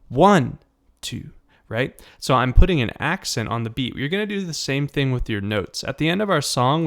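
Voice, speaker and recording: A man's voice: mid-range voice, a bit bright. A man teaching a beginner piano lesson, patiently naming notes and counting aloud while encouraging his students.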